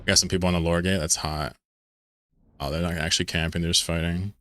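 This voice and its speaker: Low-voiced jokey streamer, mid-Atlantic accent. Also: male voice, flat delivery, fast, fairly bright tone, no room sound. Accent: mid-Atlantic American. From Pennsylvania, United States. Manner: rambling, jokey, reads chat aloud. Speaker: game streamer. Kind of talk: casual live-stream chat while gaming.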